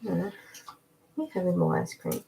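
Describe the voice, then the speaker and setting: A woman's voice: fairly low pitch, sing-song, measured pace, vocal fry, mellow, reverberant, slight background noise, poor audio. A woman in playful, curious casual chat with her partner.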